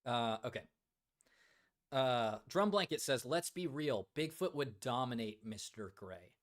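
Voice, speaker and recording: A man's voice: medium pitch, expressive, a little slow. Joking male livestream host. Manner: joking, reads chat aloud, many fillers. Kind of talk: casual livestream chat.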